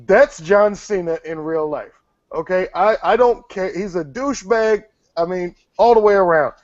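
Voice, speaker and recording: A man's voice: sits high, moderate pace, no echo. A man hosting his own interview show, blunt, teasing and profane with his guest. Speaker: show host. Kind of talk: casual interview chat. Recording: dry, muffled lo-fi audio.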